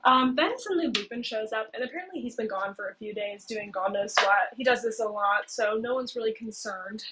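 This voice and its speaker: Young woman host, slightly high voice, chatty recap delivery, noisy hissy home mic. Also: brisk, few pauses. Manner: chatty, heavy use of "like" and "okay?". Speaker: video host. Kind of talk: casual plot recap. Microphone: cheap home mic. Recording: noisy low-quality home mic with clicks.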